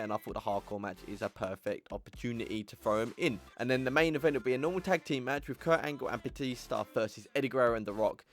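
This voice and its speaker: Man, gaming host, casual commentary, playful put-on accent, mid pitch, faint background music. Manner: chatty, addresses viewers as ladies and gentlemen, exclaims at results.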